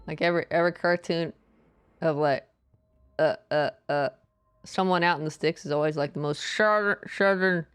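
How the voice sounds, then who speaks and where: A woman's voice: low-pitched, normal speed, smooth. A woman with a Southeastern US accent chatting casually while streaming a video game, rambling and trailing off into stammered fillers.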